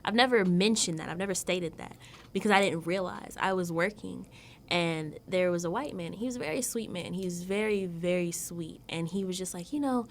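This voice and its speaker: A young woman, telling lively work anecdotes in a casual group chat on a radio show. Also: lowish voice, normal speed, a little hiss or hum. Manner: animated storyteller, acts out voices in anecdotes. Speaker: radio discussion guest.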